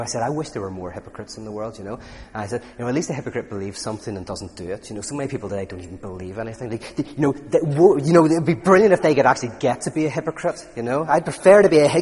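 An Irish man lecturing to a room and fielding questions. He talks in an animated, rambling way and laughs at himself. His mid-pitched voice rings with the long reverb of a hall. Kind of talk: lecture with audience Q&A.

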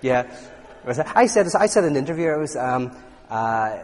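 Speaking with a thick Irish accent, a man delivers a lecture and fields questions from the audience, wandering off on tangents animatedly and laughing at himself. His pitch is medium and his speed normal, with a long reverb tail on the sound.

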